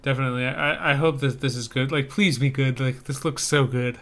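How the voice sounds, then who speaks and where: A man's voice: mid-range voice, steady tone, fairly quick, a bit bright. A young adult man co-hosting a podcast, chatting casually and enthusiastically about trailers and rambling with restarts. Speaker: podcast co-host reviewing trailers. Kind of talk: casual chat.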